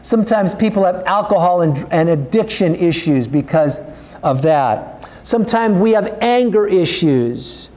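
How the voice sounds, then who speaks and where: A man's voice: lively intonation, measured pace, darkish tone. A male pastor preaching a sermon, earnest and urging, his voice rising as he exhorts the congregation. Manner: earnest, urging, rises in pitch when exhorting.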